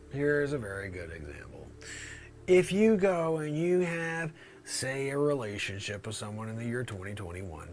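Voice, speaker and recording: Answering viewers' chat questions on his improv comedy stream, he performs with animated flair, popping into high voices and lowering to whispers. There's a slight hiss or hum in the audio.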